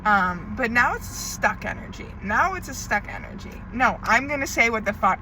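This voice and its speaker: Woman tarot reader ranting diary style, bright sharp voice, cussing a lot, faint noise behind. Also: a little high, expressive, normal speed, hardly any pauses, low-quality recording. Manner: swearing, venting, emphatic repetition. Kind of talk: emotional diary-style monologue.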